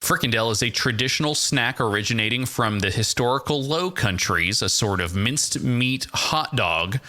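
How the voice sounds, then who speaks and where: A man's voice: medium pitch, lively intonation, normal speed, bright, forceful tone. A man hosting a casual podcast quiz, reading out facts in a dry, teasing way. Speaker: podcast host running a quiz. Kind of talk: casual chat.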